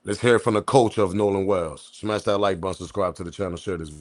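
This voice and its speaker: With a deep voice and brisk delivery, this East Coast commentary host runs a laid-back live stream in his own accent. He talks loose and full of slang, chuckling as he throws remarks to his chat.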